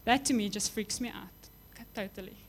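A young adult woman preaching a sermon, impassioned, building to emphatic peaks and then dropping to soft, quiet lines. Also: mid-range voice, brisk.

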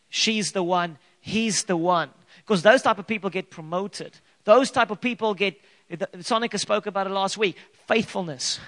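High-voiced guy preaching a sermon, earnest, lots of questions at the crowd, slows right down on the big lines. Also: a bit bright. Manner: earnest and emphatic, with repeated rhetorical questions. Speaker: pastor.

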